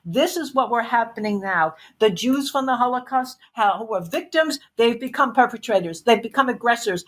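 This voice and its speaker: Woman guest, kinda high voice, hammering points home, says stuff twice for weight. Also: animated, moderate pace. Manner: emphatic, repeats phrases for weight. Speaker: interview guest. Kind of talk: intense testimony.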